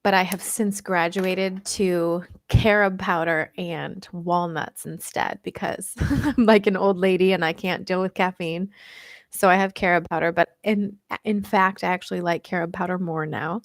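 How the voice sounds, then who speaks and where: A woman's voice: on the low side, fairly even intonation, a little slow, no room sound, clean studio sound. An American woman and diet coach hosting a casual live-stream Q&A, chatting with viewers, reading out their comments and laughing often.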